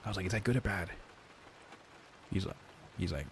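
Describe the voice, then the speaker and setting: A young streamer with a lowish voice talks fast but leaves long pauses, and there's slight background noise. He chats loosely and profanely with his viewers' live chat, throwing around "like" and "dude" a lot.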